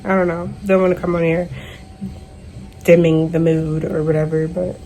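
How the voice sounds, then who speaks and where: A woman's voice: lowish voice, flat delivery, normal speed, warm tone, soft background music, poor audio. A young woman venting in a casual video diary, stressed and worn out, exasperated and slangy as she talks to her camera at home. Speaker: vlogger.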